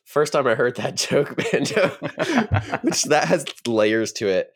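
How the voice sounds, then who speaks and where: A man's voice: medium pitch, expressive, measured pace. A man co-hosting a podcast, chatting casually and reminiscing with hesitant fillers. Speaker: podcast co-host. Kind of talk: casual chat.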